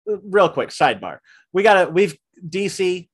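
A man hosting a casual podcast, reviewing a film with lots of fillers and restarts, and breaking into animated rants. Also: high voice, unhurried, breathy edge. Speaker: podcast host. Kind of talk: casual movie review chat.

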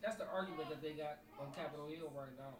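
A man hosting a podcast, chatting casually in loose, slangy banter and animated storytelling. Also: on the high side, fast, a crowd in the background. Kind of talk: casual chat. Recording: roomy echo.

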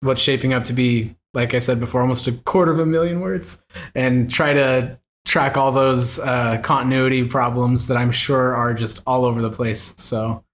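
A man in a casual podcast conversation with a voice of ordinary pitch. He rambles and restarts his sentences. He often laughs at himself. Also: fairly even intonation, moderate pace.

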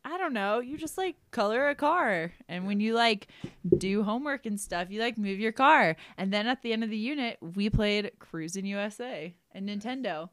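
A young woman who works as a teacher, telling stories in a casual chat, animated and full of "like" and "um.". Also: mid-range voice, moderate pace, no echo, clean studio sound. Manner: animated storyteller, filler-heavy, laughs often. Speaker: teacher, guest.

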